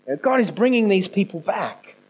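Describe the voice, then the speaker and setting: A male pastor giving a conversational sermon, moving between quiet, intimate passages and raised, emphatic ones. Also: high voice, very animated, fairly quick, slightly rough, rough recording. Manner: conversational preaching with swings from soft to emphatic. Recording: no video, audio only.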